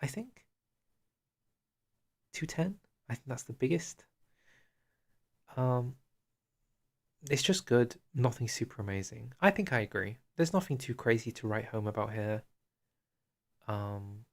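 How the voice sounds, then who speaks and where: Man, creaky voice, mid pitch, casual stream chatter, out of breath, talks to chat. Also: unhurried, long pauses. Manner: chatty, chats with viewers, trails off into quiet asides. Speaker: streamer reviewing a strategy game dev diary. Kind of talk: casual live-stream commentary.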